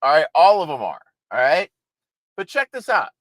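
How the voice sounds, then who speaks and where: A man's voice: fairly high pitch, wildly swooping pitch, moderate pace, fairly bright tone, no room sound, rough recording. Exasperated man hosting a livestream. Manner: exasperated, mocking, blunt. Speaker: host. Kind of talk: livestream political commentary.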